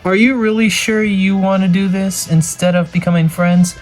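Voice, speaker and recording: A man's voice: high-pitched, fairly even intonation, moderate pace, darkish tone, faint music behind, natural voice. A man voicing a friendly, easygoing young T. rex in a homemade toy video. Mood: cheerful. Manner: upbeat, casual.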